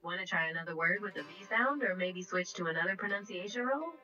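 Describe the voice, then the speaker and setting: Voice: medium pitch, expressive, quick pace, pushed and bright, distant mic, highs cut off, faint music behind. A text-to-speech assistant voice coaching a player through pronunciation, cheerful, patient and encouraging. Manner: upbeat, encouraging, patient teacher. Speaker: AI voice assistant co-host. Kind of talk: language tutoring chat.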